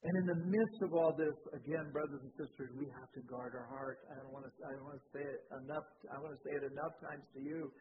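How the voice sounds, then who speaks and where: Pastor preaching over a tinny line. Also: male voice, fast talker, hardly any pauses. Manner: animated storytelling with sudden rises in pitch and volume. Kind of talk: sermon with personal storytelling. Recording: tinny phone-like sound with faint noise.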